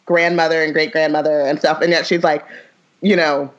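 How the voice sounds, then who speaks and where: A woman's voice: low voice, level tone, moderate pace. A woman chatting as a podcast guest, rambling and filling her talk with "like". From United States. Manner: rambling, lots of "like", laughs often. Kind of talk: casual chat. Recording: muffled lo-fi audio.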